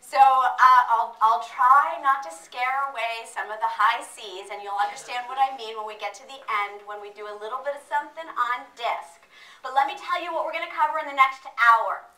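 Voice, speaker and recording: Woman presenter, energetic and playful with a live crowd; high voice, bright, caught from across an echoey room. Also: normal speed. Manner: energetic, playful, talks with the audience. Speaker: workshop presenter. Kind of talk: motivational training talk. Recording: echoey room, distant mic.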